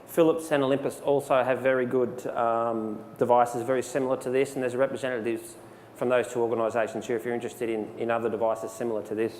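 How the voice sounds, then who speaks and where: A man giving a relaxed, conversational live software demonstration, with frequent fillers, speaking into a handheld mic. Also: medium pitch, fast talker. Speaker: presenter. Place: presentation hall. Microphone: handheld microphone. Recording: long hall reverb, faint background noise.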